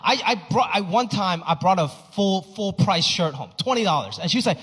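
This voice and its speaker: A man performing stand-up with a high voice that swings up and down lively, exasperated and animated as he builds each story. His voice is bright and ringing in a reverberant hall. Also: moderate pace, husky. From United States. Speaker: stand-up comedian. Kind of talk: stand-up routine. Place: comedy stage. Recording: echoey hall, faint noise.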